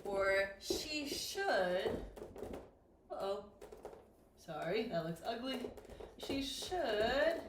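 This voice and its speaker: Slow, lively woman teaching English. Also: fairly high pitch, background noise. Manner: slow, clear, exaggerated pronunciation demos. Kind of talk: classroom-style grammar lesson. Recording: echoey room.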